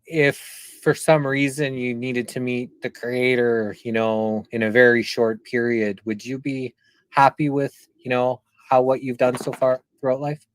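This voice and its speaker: A man's voice: medium pitch, flat delivery, a little slow, smooth, no echo. A man from Canada hosting a casual interview, asking rambling, reflective questions. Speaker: interviewer, channel host.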